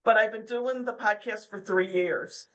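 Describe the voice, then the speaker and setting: A woman's voice: medium pitch, unhurried, muffled recording. Chatty storytelling middle-aged woman. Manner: chatty storyteller, acts out quoted voices. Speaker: podcast guest. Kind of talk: casual interview chat.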